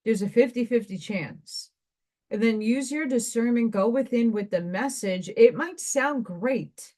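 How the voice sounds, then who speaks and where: A woman's voice: fairly high pitch, unhurried, dark tone. A woman giving a spiritual card reader's monologue to her viewers, meandering and conversational and thinking aloud with asides.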